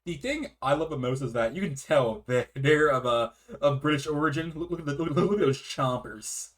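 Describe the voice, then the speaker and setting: A man's voice: on the high side, normal speed. A man co-hosting a casual art history chat, reading aloud with restarts and swearing. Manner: animated, swears, trails off mid-sentence.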